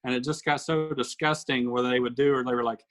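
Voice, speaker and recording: A man co-hosting a casual podcast, telling comedy sketches with lively bursts of acted voices. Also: mid-range voice, fairly quick, poor audio. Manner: animated storyteller acting out sketch lines. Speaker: podcast co-host. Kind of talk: casual chat.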